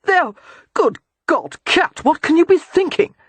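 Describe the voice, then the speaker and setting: A woman's voice: very high voice, sing-song, measured pace, no room sound, voice pushed up, full character voice. A woman voicing an exasperated, wry aristocratic father in an audiobook, speaking dryly and sardonically. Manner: dry and sardonic.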